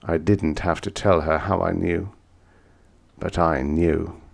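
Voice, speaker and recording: Deep-voiced man narrating a dark audiobook. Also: fairly even intonation, takes it slowly, vocal fry. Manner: dramatic, intense storytelling. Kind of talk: scripted first-person narration.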